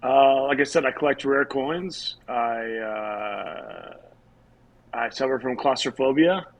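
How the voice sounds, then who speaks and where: A man's voice: medium pitch, slow pace, low-quality recording. A man from Texas, a singer-songwriter guest on a podcast, talking casually, swearing easily and telling jokes. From Houston, Texas. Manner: laid-back, swears casually, tells jokes.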